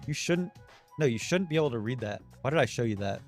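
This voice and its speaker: A man's voice: mid-range voice, quick pace, soft background music. A man casually thinking aloud while live streaming a video game, his throat getting a little sore. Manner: relaxed, muttering and thinking aloud while playing.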